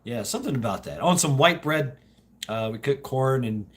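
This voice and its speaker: A man's voice: medium pitch, animated, normal speed, a bit bright. A Southern man hosting a livestream, talking casually in a rambling, profane way with lots of laughter. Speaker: livestream host.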